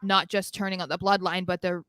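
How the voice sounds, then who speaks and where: Bright, clear-voiced woman chatting wrestling. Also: fairly low pitch, level tone, brisk, no echo. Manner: chatty, opinionated, many fillers. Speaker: podcast co-host. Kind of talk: casual wrestling chat.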